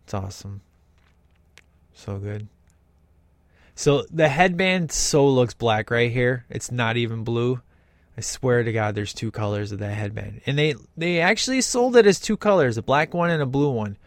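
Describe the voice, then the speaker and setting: A man giving casual, excited commentary while watching a film, often acting out the characters. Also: mid-range voice, normal speed, no echo, clean studio sound. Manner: excited, enthusiastic, imitates characters. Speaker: host reacting to a film.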